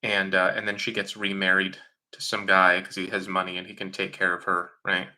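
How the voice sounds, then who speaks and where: Answering questions from chat on his livestream, this man has a low, sharp, monotone voice and talks a little fast. His style is casual and opinionated, full of fillers, and he regularly mocks others by imitating them in quotes.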